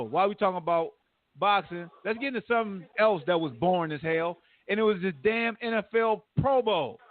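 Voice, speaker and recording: A man with a high voice hosts a sports podcast and rants in casual slang. He pokes fun at whoever he is talking about. The sound is thin and narrow, like a phone line. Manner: animated, trash-talking rant with slang. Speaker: podcast host.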